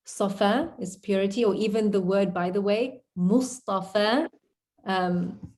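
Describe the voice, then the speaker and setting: A woman's voice: mid-range voice, mellow. A woman teaching an Arabic poem to a class on a video call, explaining it word by word in a chatty way. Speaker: Arabic tutor. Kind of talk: online class.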